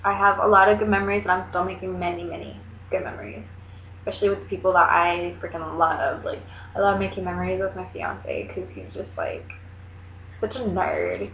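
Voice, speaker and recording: A young woman chatting casually to her camera, rambling along with lots of "like" and quick asides. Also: on the low side, fairly even intonation, vocal fry, a bit bright, slight background noise. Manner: chatty, rambling, heavy use of "like". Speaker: vlogger. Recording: echoey room, dull lo-fi sound.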